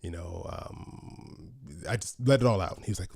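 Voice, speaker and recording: Low-voiced man telling a work story. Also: normal speed, creaky, darkish tone, husky, dry recording, studio quality. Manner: rambling, restarts often. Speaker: podcast co-host. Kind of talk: casual chat.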